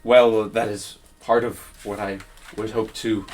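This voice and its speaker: A man voicing a weary young nobleman who speaks formally in halting, pause-filled sentences. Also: fairly low pitch, level tone, a little mellow, a little hiss or hum, close to an everyday voice. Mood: grave.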